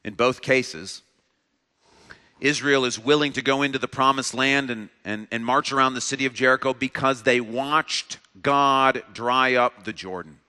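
A man's voice: medium pitch, normal speed, pushed and bright, clean tone. A male pastor delivering a sermon in a church sanctuary, earnest, with a repetitive preaching cadence. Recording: long reverb of a large hall.

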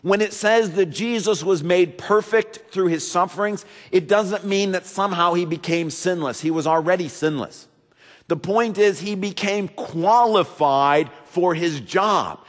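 A man preaching a sermon as pastor, swinging from raised emphasis to a hushed, intimate tone. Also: high-pitched, measured pace, big-room sound.

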